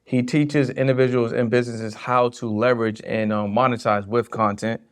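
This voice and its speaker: A man's voice: medium pitch, steady tone, moderate pace, smooth. A man hosting a podcast, talking in a laid-back, slangy, upbeat way. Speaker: podcast host. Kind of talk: casual interview chat.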